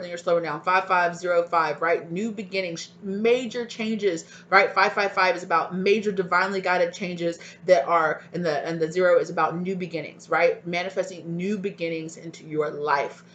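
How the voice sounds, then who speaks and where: A woman's voice: mid-range voice, a bit bright, highs cut off, a little hiss or hum. A woman giving a tarot reading to her viewers, encouraging and emotional, tagging her sentences with "right?" and "okay?". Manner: spiritual, emotional, sometimes near tears. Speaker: tarot reader.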